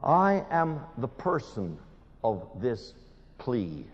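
A man preaching a sermon, animated and pleading, with dramatic pauses. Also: mid-range voice. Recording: muffled hall recording with long reverb.

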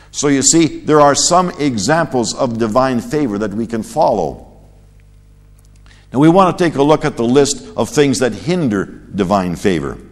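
Animated male preacher in a reverberant hall. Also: lowish voice. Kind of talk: sermon.

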